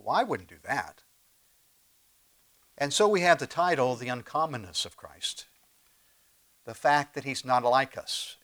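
A man preaching a sermon as pastor, conversational and animated, with sudden swings between loud emphasis and quiet asides and frequent rhetorical questions. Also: medium pitch. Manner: animated preaching with big swings in loudness and pace.

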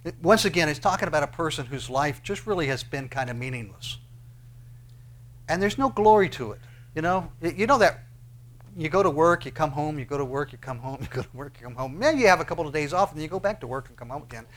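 A man preaches with a slightly high-pitched voice, firing rhetorical questions at his congregation. He drops to near-whispers, then climbs to loud, pleading peaks. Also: expressive, fairly quick. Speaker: pastor. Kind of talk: sermon.

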